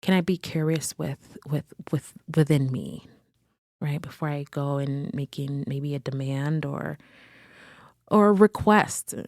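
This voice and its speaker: A woman's voice: low-pitched, creaky, no echo, studio quality. A woman podcast host, a therapist, talking in a reflective, searching way and often correcting herself as she thinks aloud. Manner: searching, self-correcting, gently conversational. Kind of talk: reflective solo talk.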